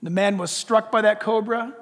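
A high-pitched male pastor delivers an earnest, blunt altar call, circling back on his points as he urges listeners forward. His voice rings out through a church sanctuary with a long reverb trailing each phrase. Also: fairly even intonation, moderate pace. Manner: earnest, pleading preacher, blunt and repetitive. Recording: long reverb of a large hall.

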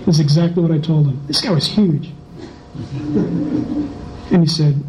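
A man's voice: fairly high pitch, measured pace. A middle-aged man, preaching a sermon full of personal stories, acting out voices as he goes. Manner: animated storyteller, acts out voices and laughs. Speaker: pastor. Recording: slightly dull, faint background noise.

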